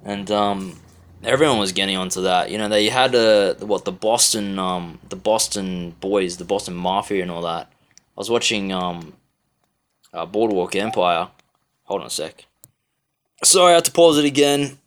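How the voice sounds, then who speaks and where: A man's voice: deep voice, fairly even intonation, moderate pace, fairly bright tone. An Australian man delivering a rambling, profane, exasperated rant to camera, full of fillers and restarts. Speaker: vlogger. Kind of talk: ranting monologue.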